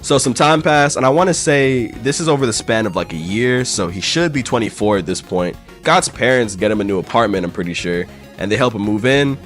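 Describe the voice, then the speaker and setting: A man's voice: mid-range voice, brisk, soft background music. Man giving a profane, slangy recap. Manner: profane, animated storytelling with slang. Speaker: comic book summarizer.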